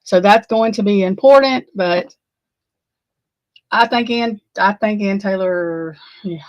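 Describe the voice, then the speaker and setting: A woman's voice: mid-range voice, slow, no room sound, lo-fi sound. A woman giving unscripted true crime commentary, heated and emphatic, swearing freely and repeating herself. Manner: heated, profane, emphatic and repetitive.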